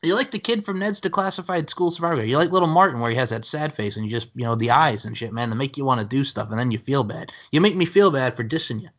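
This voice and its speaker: A man's voice: mid-range voice, fast, few pauses, fairly bright tone. A man hosting a podcast, bantering and teasing his guest in casual chat. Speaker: podcast host.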